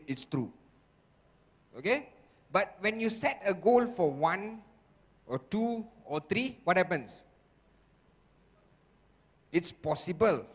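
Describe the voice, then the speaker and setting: Casting: emphatic sales trainer, man with a high voice, long hall echo. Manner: emphatic, repetitive, constant "okay?" checks with audience. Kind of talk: motivational seminar talk. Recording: echoey hall.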